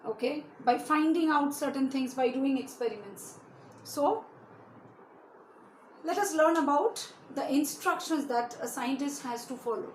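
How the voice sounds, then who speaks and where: A woman's voice: high-pitched, a little slow. A woman teaching a lesson to young children, asking them many questions and often adding "you know". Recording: echoey room with faint hiss.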